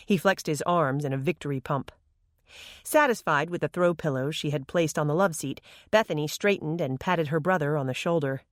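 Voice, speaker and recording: An audiobook narrator reading a story in an even, unhurried way. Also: mid-range voice, dry recording, clean studio sound. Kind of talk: scripted narration.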